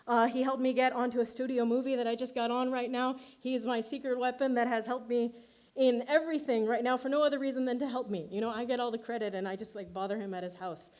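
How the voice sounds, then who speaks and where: A woman's voice: on the high side, steady tone, quick pace, a little mellow. A woman filmmaker giving an award acceptance speech, chatty and self-deprecating, laughing often between her words.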